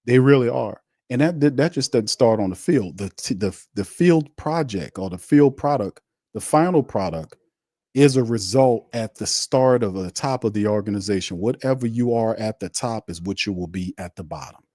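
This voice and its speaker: A man's voice: lowish voice, expressive, moderate pace, dark tone, no echo, studio quality. A man hosting a sports show, delivering a heated, blunt rant on a live watch stream, repeating his points and mocking the other side. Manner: fiery, blunt and repetitive, with mocking asides.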